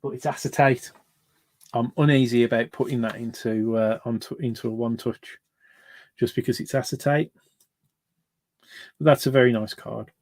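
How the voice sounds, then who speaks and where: A man's voice: medium pitch, fairly even intonation, normal speed, pauses often, a little mellow. Chatty man opening card packs. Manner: chatty, hesitant, lots of fillers and restarts. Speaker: card break host. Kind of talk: casual live card-break commentary.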